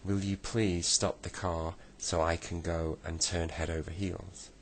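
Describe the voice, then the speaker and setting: A man's voice: low voice, flat delivery, unhurried, a little hiss or hum. A man voicing Joe, a boy turned clockwork clown. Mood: earnest. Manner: apologetic, then cross.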